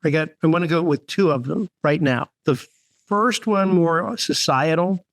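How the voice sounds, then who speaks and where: A man's voice: a little high, normal speed, no echo. A man guesting on a casual podcast, complaining in a dry, wry tone. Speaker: guest author. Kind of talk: casual chat.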